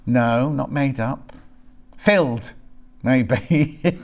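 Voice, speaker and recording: This live shopping presenter has a fairly high-pitched voice and sounds very animated while keeping a moderate pace. He reads fabric prices in a playful, chatty sales style and jokes around with the crew behind the camera.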